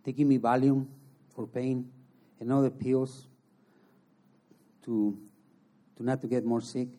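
Man telling a halting, earnest testimony. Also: mid-range voice, flat delivery, warm tone. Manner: halting, earnest, in non-native English; emotional storytelling. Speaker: interview guest. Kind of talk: personal testimony.

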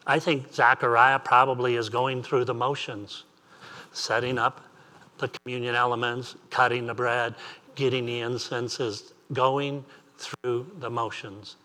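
A man's voice: mid-range voice, flat delivery, a little slow, pushed and bright. A man preaching an earnest sermon as pastor, repeating phrases and asking rising questions.

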